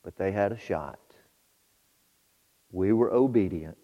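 A man preaching a sermon, shifting between quiet storytelling and loud, fervent exhortation to his congregation. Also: sits low, slow. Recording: muffled hall with long reverb.

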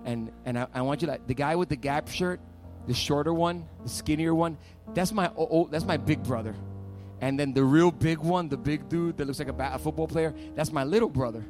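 A pastor delivers his sermon with a fairly high male voice and restless, animated storytelling. He repeats phrases, builds momentum, and swells into loud, fervent preaching. Faint instrumental music plays quietly behind him. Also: brisk.

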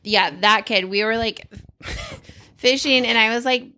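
A woman co-hosting a casual podcast, telling stories in a sarcastic, swearing, lively way. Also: a little high, unhurried. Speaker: podcast co-host. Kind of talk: casual chat.

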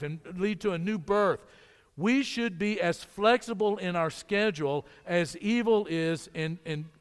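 High-voiced preacher in an echoing hall. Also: male voice, smooth. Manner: emphatic, repeats words when building a point. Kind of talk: sermon.

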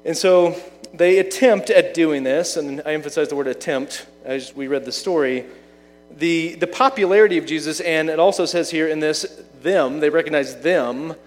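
A man delivers a sermon in an easygoing, conversational tone, often asking his listeners questions. His voice sits a little on the high side. The sound carries a long reverb, as in a large hall. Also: normal speed, faint music behind. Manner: conversational preaching with rhetorical questions. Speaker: pastor.

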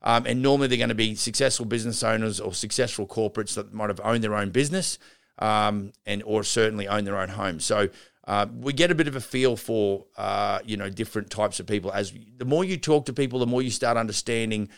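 With a lowish, smooth yet creaky voice, this man talks a little fast as he hosts a show coaching contractors on their renovation businesses. His casual instruction rambles, full of restarts and side comments, and he calls listeners guys and gals.

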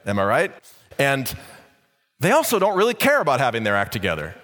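A man's voice: mid-range voice, wildly swooping pitch, fairly quick, a bit bright, in a large hall. A man preaching a sermon in a conversational way, with many fillers and restarts. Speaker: pastor.

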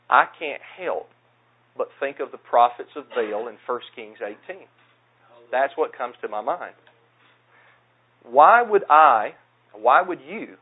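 Earnest Southern preacher, tinny sound. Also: male voice, on the high side. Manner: earnest, plain-spoken, self-deprecating. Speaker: pastor. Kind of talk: sermon.

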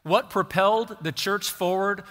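A man's voice: high voice, measured pace, in a large hall. A man in his fifties preaching a sermon to his church, telling fond stories with playful asides. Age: 50s. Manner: animated storytelling with playful asides. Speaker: pastor. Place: church sanctuary.

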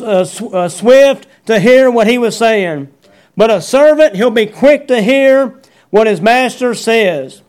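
Middle-aged guy preaching, really high voice, lots of uh's and repeated lines, folksy talk. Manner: preaching with Bible verse references and repeated refrains. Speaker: pastor. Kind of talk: sermon.

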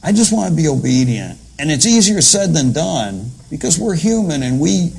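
A man's voice: a little high, sing-song, moderate pace, gravelly, darkish tone, husky, poor audio. A man preaching a conversational sermon, retelling scripture in plain, folksy everyday talk.

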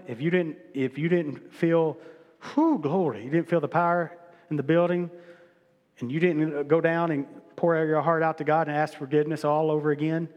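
A man's voice: fairly high pitch, darkish tone, long reverb tail, dull audio. A middle-aged male pastor preaching a sermon in a casual, conversational way, often repeating himself and restarting phrases. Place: church sanctuary.

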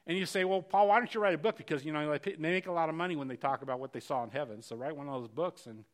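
A middle-aged man delivering a sermon with a fairly high-pitched voice. He speaks earnestly, restarting phrases and doubling words. He swings from hushed, intimate passages to sudden loud emphasis. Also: very fast. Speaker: pastor.

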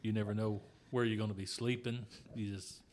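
A man hosting an interview, talking in a calm, relaxed way. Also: on the low side, brisk. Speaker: host.

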